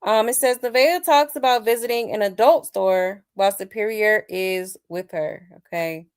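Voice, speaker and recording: A woman's voice: mid-range voice, normal speed, clean tone. A woman hosting a celebrity gossip livestream, sassy and chatty, talking straight to her viewers while she is losing her voice a little. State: slightly hoarse, losing her voice. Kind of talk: casual celebrity gossip commentary.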